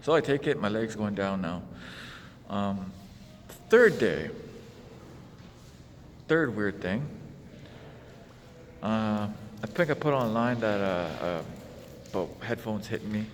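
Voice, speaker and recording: A man's voice: on the low side, lively intonation, slow pace, pauses often, big-room sound, slight background noise. A man telling an exasperated, casual story in his vlog. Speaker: vlogger.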